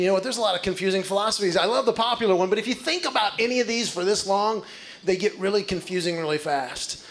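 Male stand-up comic with a high voice, animated and act-out heavy, on a noisy live stage. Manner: animated storytelling with acted-out voices. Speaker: stand-up comedian. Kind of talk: stand-up comedy set. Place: stage before a live audience. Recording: live show with loud crowd and noise. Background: audience laughter.

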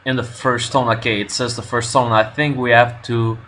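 A man working through a language lesson on his own, nervous and unsure of himself, pausing often with fillers. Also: medium pitch, little pitch movement, fairly bright tone, slight background noise. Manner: nervous, self-doubting, halting with fillers. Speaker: language learner vlogger. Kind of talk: casual self-recorded lesson commentary.

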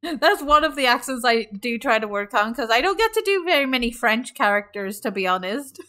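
A woman's voice: fairly high pitch, animated, brisk, pushed and bright. A playful young woman streaming a game, chatting and laughing often. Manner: giggly, playful, swears.

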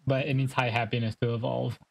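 A man's voice: mid-range voice, flat delivery, quick pace, creaky. Dry, teasing young man co-streaming. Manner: dry, teasing, matter-of-fact corrections. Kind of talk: casual gaming stream chat.

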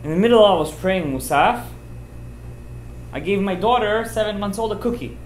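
A man's voice: high voice, normal speed, slight background noise. Man, rabbi, informal sermon, emphatic storyteller, Hebrew and Yiddish terms, echoey room. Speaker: rabbi giving a Torah class.

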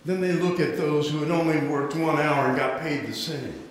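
A man's voice: fairly high pitch, steady tone, normal speed, a little hiss or hum. A man preaching a sermon, telling a story with dramatic flair in a large church hall. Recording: echoey hall, mic far off.

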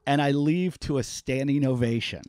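Animated storytelling man, dry close sound. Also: medium pitch, normal speed, no echo. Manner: animated, swears freely, acts out quoted voices. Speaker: podcast guest. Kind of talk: casual storytelling.

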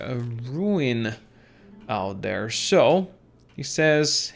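A man hosting a let's-play video, chatting casually about his game and swearing now and then in a relaxed way. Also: mid-range voice, very slow, gravelly, faint music behind. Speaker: gaming video host.

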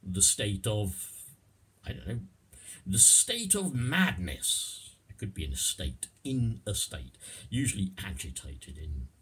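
A man's voice: sits low, very animated, measured pace, breathy edge. A man giving a casual, playful lesson on idioms, now and then slipping into comic voices. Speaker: English teacher.

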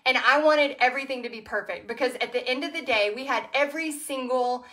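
A woman's voice: high-pitched, a little fast. A woman with a Texan accent, an art teacher hosting a livestream, telling a story chattily and reading viewer comments. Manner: chatty, animated storytelling with frequent fillers.

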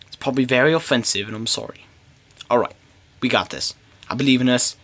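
A man's voice: medium pitch, lively intonation, fast, pushed and bright. A man giving solo gameplay commentary, talking to himself in a pleading, playful way. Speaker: gamer.

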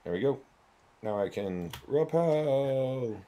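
A man's voice: medium pitch, expressive, takes it slowly, dark tone. A male streamer giving chatty, jokey gameplay commentary while thinking aloud.

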